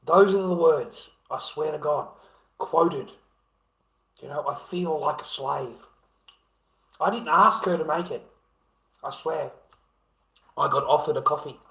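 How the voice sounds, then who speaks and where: A swearing, mocking Australian man in his fifties rants through a casual livestream. His voice sits a little high for a man, and the echoey room rings around every word. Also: measured pace, pauses often, a bit bright. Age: 50s. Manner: profane, ranting, mocking.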